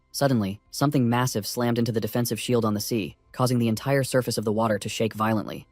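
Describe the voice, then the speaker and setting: A man narrating a story recap in an even, steady reading at a middle pitch. The voice is dry and close to the mic, with faint music playing underneath. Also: fast, hardly any pauses, dry recording.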